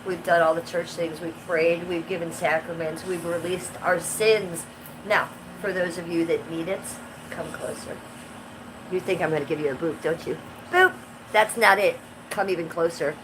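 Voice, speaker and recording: Woman, 50s, streamer, rambling and profane, lowish voice, noisy background. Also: normal speed. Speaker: livestreamer. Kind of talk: casual livestream chat. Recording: steady background noise.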